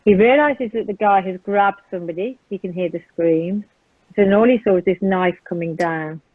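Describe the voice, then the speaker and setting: Speaking at a moderate pace in a medium-pitched voice, a British woman describes being violently attacked, narrating in the present tense with plenty of ums. Her earnest, vivid account comes through a tinny, dry phone line with no room sound.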